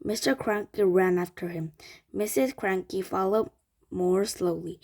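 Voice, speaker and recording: A woman reading a children's book aloud, halting and restarting often. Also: medium pitch, darkish tone. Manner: slow, halting, with frequent restarts. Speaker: reader.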